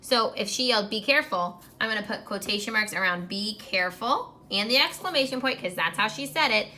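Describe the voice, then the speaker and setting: A woman teacher giving a recorded grammar lesson to young students, clear and encouraging, slowing down while she writes on a whiteboard. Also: mid-range voice, lively intonation, bright, forceful tone, slight background noise.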